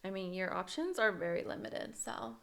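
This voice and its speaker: A woman's voice: lowish voice, huge pitch swings, normal speed. A woman co-hosting a podcast, chatting casually about a book and retelling scenes with acted-out quotes. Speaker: podcast co-host.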